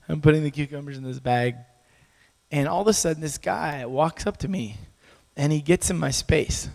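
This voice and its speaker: A man preaching, telling a story with lively acted-out dialogue and frequent laughter. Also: fairly high pitch, moderate pace, gravelly. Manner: animated storyteller, acts out dialogue, laughs often. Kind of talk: sermon storytelling. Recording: echoey hall with long reverb.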